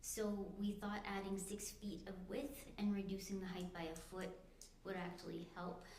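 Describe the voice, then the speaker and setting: Breathless young woman, hesitant and apologetic, mid-pitched, echoey room, faint noise. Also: flat delivery, normal speed, darkish tone. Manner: apologetic, hesitant, plain-spoken. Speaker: applicant addressing a committee. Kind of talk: informal explanation at a public meeting.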